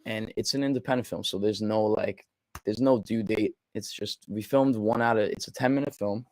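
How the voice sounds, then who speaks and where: A young man chatting casually, excitable and swearing freely, often acting out his own quotes. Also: fairly low pitch. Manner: excitable, swearing, quoting himself in quick asides. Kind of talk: casual chat.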